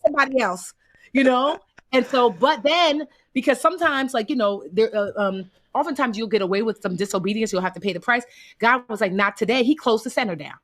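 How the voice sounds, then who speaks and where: Animated storytelling woman from the US. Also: on the high side, a little fast. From United States. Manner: animated, acts out quoted voices, folksy asides. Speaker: guest. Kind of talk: casual conversational storytelling.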